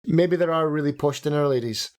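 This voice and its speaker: A man's voice: on the high side, brisk. A man co-hosting a podcast, giving frank, opinionated takes on a game with lots of "like" and a laugh. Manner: candid and opinionated, trailing off with likes and laughs. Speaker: podcast co-host. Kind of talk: casual game discussion podcast.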